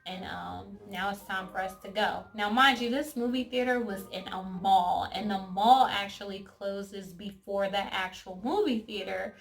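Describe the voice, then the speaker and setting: A young woman vlogger casually telling a funny dating story straight to her viewers, chatty and animated. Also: medium pitch, unhurried, creaky, few pauses, faint music behind. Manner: chatty and animated, quotes others in lively asides.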